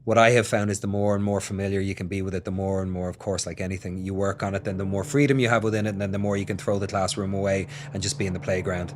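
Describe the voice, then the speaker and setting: A man's voice: low voice, fairly even intonation, racing, few pauses, a little hiss or hum. A man with an Irish accent, a guest actor in a casual interview, reflecting aloud and restarting his sentences. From Ireland.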